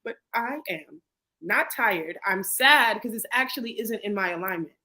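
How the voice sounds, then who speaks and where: A young woman, a podcast guest, talking fast and animatedly in casual conversation, often asking "you know what I'm saying.". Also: medium pitch, animated, pushed and bright, low-quality recording. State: getting emotional.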